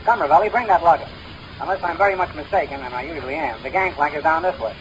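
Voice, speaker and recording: Brief: a man as a quick-patter wisecracking schemer, old lo-fi radio comedy, faint hiss. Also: on the high side, lightly acted. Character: fast-talking wisecracking male con man, Flywheel. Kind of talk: 1930s radio comedy acting. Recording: dull lo-fi old radio recording.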